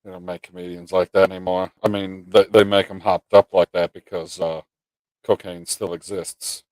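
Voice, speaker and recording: A man's voice: low voice, level tone, moderate pace, darkish tone, no room sound. A man hosting a casual livestream chat, laid-back and swearing as he thinks aloud. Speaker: livestream host.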